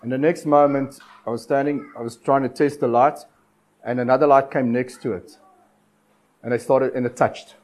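A man delivers a sermon in a mid-range voice, neither high nor low. He builds his points through repeated phrases and leans on dramatic pauses. His tone stays urgent as he calls on his listeners. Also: steady tone, a little mellow, rough recording. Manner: exhortative, repetitive cadence with dramatic pauses. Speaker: preacher.

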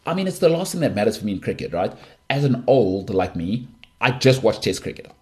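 A man's voice: on the low side, big pitch swings, a little fast, darkish tone. A middle-aged man hosting a solo sports podcast, talking in an opinionated, emphatic way with frequent restarts. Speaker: podcast host.

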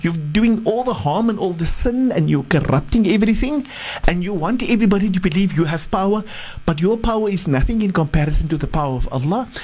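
A man's voice: high-pitched, animated, fairly quick, darkish tone. A man voicing converted magicians who boldly defy a tyrant with fervent conviction. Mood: fervent defiant. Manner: bold, fervent defiance. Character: defiant group of converted male magicians.

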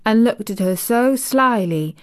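A woman reading a classic children's novel aloud in a gentle, unhurried manner, sometimes dropping to a soft near-whisper. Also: fairly high pitch, animated, dry recording, studio quality. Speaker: audiobook narrator. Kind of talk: scripted storybook narration.

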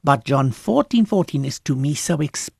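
A woman's voice: low-pitched, expressive, normal speed, gravelly, a little mellow, slightly rough, no room sound. Earnest woman preaching in a dry room. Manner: earnest and emphatic, with frequent restarts. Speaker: Christian minister, guest. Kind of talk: faith talk, preaching conversationally.

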